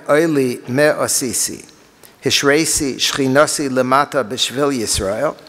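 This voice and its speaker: A middle-aged man teaching a text class, reading Hebrew passages aloud and translating them, halting with fillers and restarts. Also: mid-range voice, fairly bright tone. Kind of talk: lecture reading and translating Hebrew and Aramaic texts. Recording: long hall reverb.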